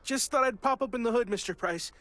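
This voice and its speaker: An actor playing a young, good-natured TV sound tech who sounds a bit sheepish and eager to please. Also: male voice, very high voice, fast, fairly bright tone.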